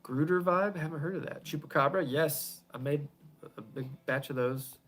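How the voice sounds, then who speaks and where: Soft music plays behind a relaxed man chatting on a live stream from his garage, where he builds pedals and answers viewers' questions in turn. His slightly high voice keeps a normal pace as he rambles, chuckles frequently, and lets his words drift quietly away.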